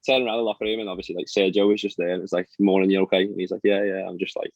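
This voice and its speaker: Here the same kind of speaker, a young man who golfs professionally, spins quick, laugh-filled podcast stories crowded with fillers. His voice is low-pitched and steady in tone. There's no room sound, and the audio comes across dry, dull and lo-fi.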